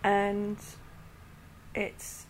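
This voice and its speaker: A woman's voice: mid-range voice, monotone, drawn-out words, slight background noise. A woman in her thirties speaking candidly and earnestly in a personal podcast monologue. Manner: candid and earnest, many restarts and soft laughs. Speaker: podcast host.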